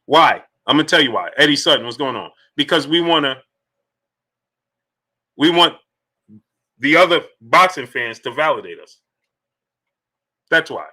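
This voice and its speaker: A man's voice: fairly high pitch, animated, moderate pace, pauses often, pushed and bright. A man hosting a live boxing stream, greeting viewers in the chat by name and firing off rhetorical questions. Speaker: boxing livestream host.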